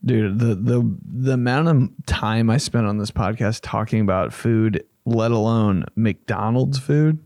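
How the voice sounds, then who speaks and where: Gravelly, joking podcast host. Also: male voice, fairly low pitch, unhurried, few pauses, a little mellow, dry recording, studio quality. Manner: loose, profane, joking riffs. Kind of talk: comedy podcast reaction chat.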